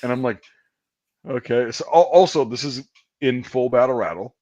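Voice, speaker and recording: A man's voice: mid-range voice, expressive, brisk, a little mellow, dull audio. A man telling a long army story in a casual, profane, rambling way, laughing at himself. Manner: profane, rambling, self-deprecating. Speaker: podcast host.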